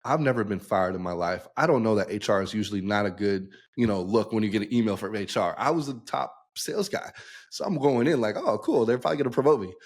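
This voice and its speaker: A man's voice: on the low side, expressive, fairly quick. A young man, a podcast guest, telling his story casually and acting out the dialogue he quotes. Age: young adult.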